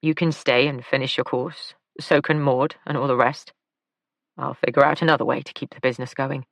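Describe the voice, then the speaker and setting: A woman voicing a tired, gentle injured man. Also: a bass voice, fairly even intonation, brisk, vocal fry, no room sound. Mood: weary.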